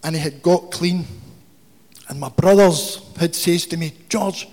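A man's voice: a little high, steady tone, measured pace, darkish tone. Man telling a swearing, funny recovery story in a hall. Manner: swearing, humorous, confessional. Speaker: recovery speaker. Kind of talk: storytelling share at a recovery meeting. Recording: hall with long reverb.

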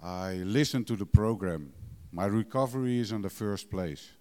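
Blunt middle-aged man, warm low voice, reverberant. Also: moderate pace. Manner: blunt, emotional, swears freely, broken English phrasing. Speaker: recovering addict sharing his story. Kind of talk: candid personal testimony. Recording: long hall reverb.

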